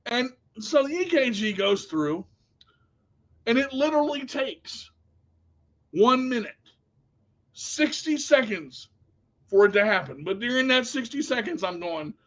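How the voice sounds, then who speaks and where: A man telling a story casually to camera as a vlogger, animated and jumping to loud outbursts when retelling panic. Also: extremely high pitch, measured pace, pauses often.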